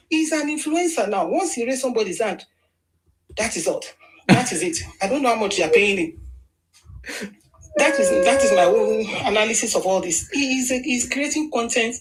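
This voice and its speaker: Poor audio captures a mid-range female voice with a Nigerian accent. A political commentator, she argues emphatically in a casual monologue, frequently starting over.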